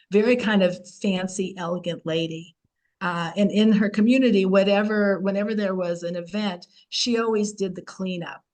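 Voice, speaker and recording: A woman's voice: fairly low pitch, darkish tone, low-quality recording. A woman hosting an informal weekly Torah lesson, telling stories in an earnest, conversational way with frequent fillers and restarts. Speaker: Torah teacher and host.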